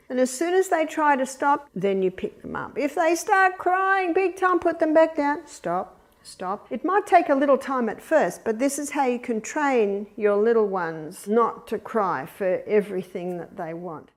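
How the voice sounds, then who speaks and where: An older woman, a grandmother, giving an earnest, instructive Christian talk on raising children. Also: fairly high pitch. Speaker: parenting speaker.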